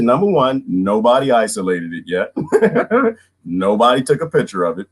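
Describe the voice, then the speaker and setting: A man's voice: medium pitch, sing-song, fairly quick, breathy edge. A man in his twenties ranting casually on a livestream, slangy and laughing often. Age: 20s. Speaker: vlogger.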